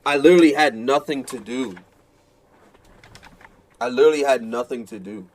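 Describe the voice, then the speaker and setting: A man's voice: medium pitch, normal speed. Casting: male streamer, late 20s, profane self-mocking rambler, casual live chat. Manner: keeps repeating himself in exasperation. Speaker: fighting game streamer.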